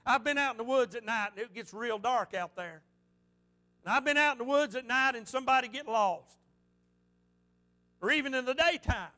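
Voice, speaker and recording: A man's voice: very high voice, moderate pace, long pauses, bright, forceful tone. A male pastor preaching a sermon in a fervent, repetitive style and weaving personal stories into it.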